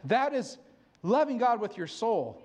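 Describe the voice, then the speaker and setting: A man's voice: very high-pitched, very animated, a little slow, darkish tone. A middle-aged man preaching a sermon, candid and self-mocking, laughing often. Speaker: pastor.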